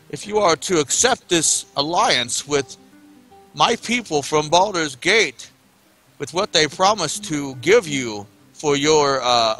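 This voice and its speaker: Bright-voiced man playing a diplomat. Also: fairly high pitch. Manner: steady, earnest speechmaking. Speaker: player. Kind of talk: in-character tabletop role-play.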